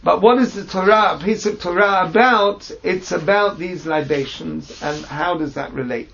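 Male Torah teacher, high gravelly voice, halting phrase-by-phrase explanation, lo-fi sound. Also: a bit bright, a little hiss or hum. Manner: translates Hebrew phrase by phrase, halting restarts. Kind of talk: text study class. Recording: dull lo-fi recording.

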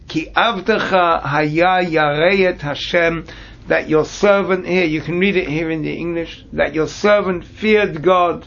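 A man with a gravelly, slightly high voice leads a Bible study lesson at an unhurried pace. He works through scripture phrase by phrase, translating and explaining each one. The recording is dull and lo-fi. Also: fairly bright tone. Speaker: teacher.

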